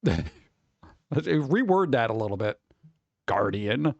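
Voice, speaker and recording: A man's voice: mid-range voice, very animated, takes it slowly, creaky, a little mellow, husky, no room sound, muffled recording. A man hosting a casual live stream, chatting with viewers and making wisecracking, sarcastic asides. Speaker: streamer host.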